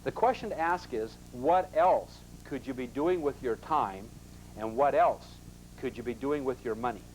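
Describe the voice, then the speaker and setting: A man's voice: mid-range voice, moderate pace, a little mellow, slight background noise, low-quality recording. A man teaching a live investment seminar in a classroom, emphatic and constantly asking the audience rhetorical questions.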